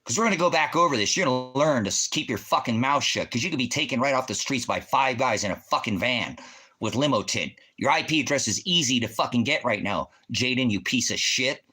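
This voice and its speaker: A man's voice: mid-range voice, expressive, fairly quick, bright, forceful tone, breathy edge. A man hosting a livestream, hurling profane, confrontational accusations at a viewer in the chat. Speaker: livestream host, veteran.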